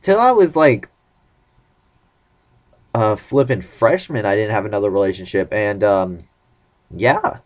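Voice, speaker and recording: A man's voice: on the low side, expressive, measured pace, long pauses. A young man casually telling rambling, self-mocking stories about his dating life in a vlog. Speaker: vlogger.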